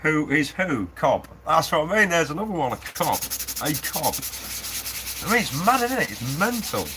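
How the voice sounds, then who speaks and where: A man's voice: fairly high pitch, big pitch swings, moderate pace. A man hosting a casual live stream while building a prop, chatting with viewers, laughing often and reading the chat aloud. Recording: noisy workshop with sanding. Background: sanding and 3D printer noise.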